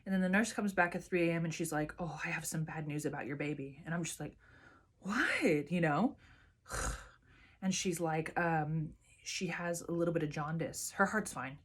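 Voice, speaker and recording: A woman's voice: low-pitched, fairly even intonation, moderate pace. A woman vlogger chatting casually to camera and telling a personal story with lots of fillers and restarts.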